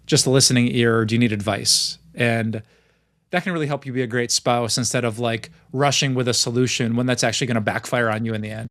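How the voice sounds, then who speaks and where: A man's voice: mid-range voice, steady tone, fast talker, a bit bright, dry recording. Earnest man, dry close sound. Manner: earnest, laughs easily, explains with examples. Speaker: pastor, podcast guest. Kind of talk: conversational interview.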